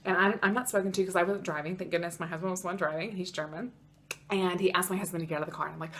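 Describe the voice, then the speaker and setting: A young American woman telling a story in a casual vlog, chatty and animated, with lots of "like" in her speech. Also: on the low side, racing, slight background noise. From United States. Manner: chatty, animated, heavy use of "like". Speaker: vlogger.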